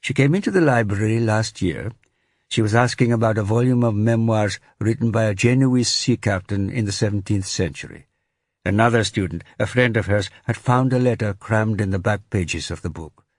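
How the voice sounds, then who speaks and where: A man reading a precise male head librarian with a soft Italian accent, in an audiobook. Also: lowish voice, moderate pace, no echo, studio quality, voice pushed up. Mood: measured. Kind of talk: audiobook character voice.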